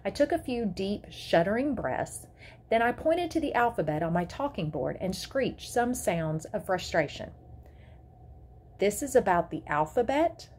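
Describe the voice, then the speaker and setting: A woman teacher reading a children's novel aloud to her class with expressive storytelling. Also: medium pitch, normal speed, a little hiss or hum.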